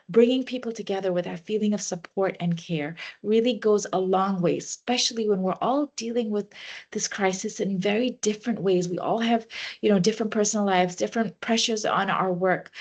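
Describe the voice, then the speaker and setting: Her voice is husky and medium in pitch as this wellness trainer leads a breathing exercise in a workshop. She shares practical tips, saying "you know" a lot along the way.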